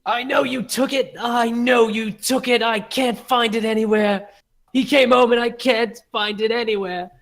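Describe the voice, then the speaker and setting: A man voicing a hysterical older woman who yells shrill accusations, in a tabletop game. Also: steady tone, normal speed, gravelly, exaggerated voice. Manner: high, shrill, yelling.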